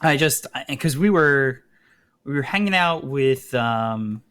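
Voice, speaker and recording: Man, esports co-caster, bright forceful voice, casual anecdotes, headset sound. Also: mid-range voice, slow, clean tone. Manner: storytelling, animated when recounting. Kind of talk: casual live commentary chat.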